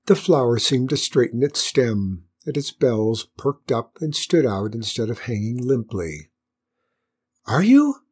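Woman, storybook narration, gentle, wry, lively pitch. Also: unhurried, hardly any pauses, breathy edge.

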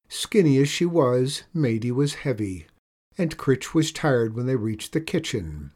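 Husky man reading a storybook. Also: medium pitch, animated, measured pace, a little mellow. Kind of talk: storybook read-aloud.

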